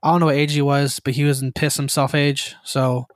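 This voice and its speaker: A man co-hosting a casual gaming podcast, telling animated stories and acting out quotes. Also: mid-range voice, a little fast, no room sound, clean studio sound. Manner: storytelling, animated, acts out quotes, laughs. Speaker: podcast co-host. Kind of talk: casual chat.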